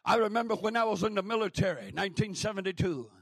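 An older man from New Mexico preaching a sermon, with shouted emphasis and frequent calls of amen. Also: sits high, lively intonation, quick pace, breathy edge, dry recording, clean studio sound. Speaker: pastor.

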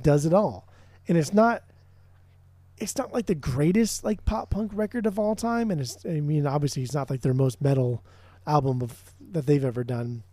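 Man, podcast co-host, warm mellow tone, dry close sound, rambling and swearing. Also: on the high side, dry recording. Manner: rambling, swears often, restarts a lot. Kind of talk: casual music chat.

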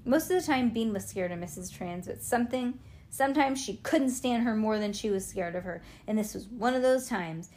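A woman's voice: a little high, lively intonation, moderate pace, darkish tone. A woman reading a children's book aloud in a playful way, adding chatty asides to her listener. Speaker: storybook reader.

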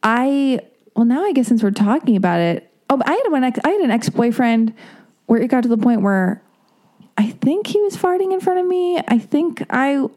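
A woman's voice: high-pitched, expressive, moderate pace, mellow. A woman hosting a podcast, chatting candidly and rambling through embarrassing stories with self-deprecating humor. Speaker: podcast host. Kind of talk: casual podcast chat.

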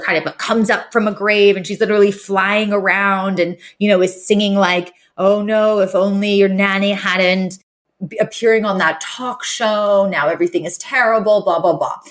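A woman co-hosting a podcast, chatting casually and animatedly about a TV episode, often acting out lines. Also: medium pitch. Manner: animated, laughing, acts out quotes. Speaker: podcast co-host. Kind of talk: casual chat recapping a TV episode.

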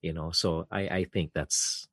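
Podcast guest, middle-aged man, very deep and husky, halting and reflective. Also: fairly even intonation, dry recording. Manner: soft-spoken, halting, reflective. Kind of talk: casual heartfelt conversation.

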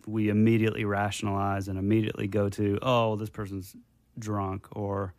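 A man co-hosting a podcast who talks in a reflective, halting way with many fillers. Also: fairly low pitch, little pitch movement, darkish tone, dry recording. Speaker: podcast co-host. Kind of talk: casual chat.

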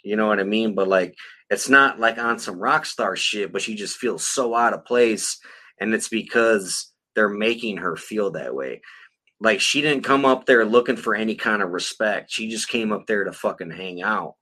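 Middle-aged man, casual profane rant, low voice, bright tense tone. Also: moderate pace. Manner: profane, blunt and heated. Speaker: podcast co-host.

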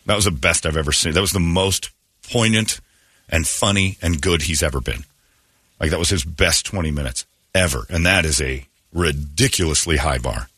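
A man in casual comedic chat, riffing animatedly and jumping into high mocking voices for bits. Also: normal speed, sharp tone, breathy edge, no room sound.

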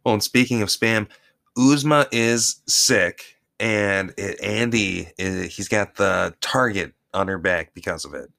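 Bright-voiced joking man podcast co-host. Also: fairly low pitch, vocal fry. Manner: playful, jokey, halting. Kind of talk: casual chat recapping a reality show.

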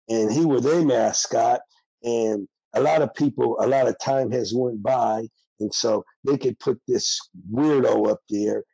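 Gravelly streetwise man, blunt and heated. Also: medium pitch, warm tone, dry recording, low-quality recording. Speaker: interviewee, former prisoner. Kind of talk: candid interview talk.

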